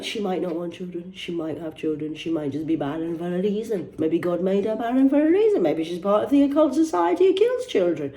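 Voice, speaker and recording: A woman's voice: mid-range voice, very animated, fairly quick, few pauses, mellow. A woman reading out celebrity news and ranting about it in a casual, rambling, sweary way. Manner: rambling, sweary, digressive, mock-indignant.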